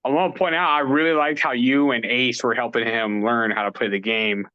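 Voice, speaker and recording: A man's voice: medium pitch, fairly even intonation, brisk, no room sound, lo-fi sound. A man co-hosting a podcast in casual chat, enthusiastic and supportive, swearing casually. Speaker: podcast co-host.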